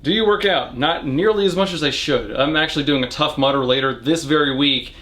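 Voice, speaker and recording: A young man with a fairly high voice reads out viewer questions one by one. He answers them in a relaxed, dry and wry way, like a reviewer chatting with his audience. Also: a little fast. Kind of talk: casual Q&A monologue.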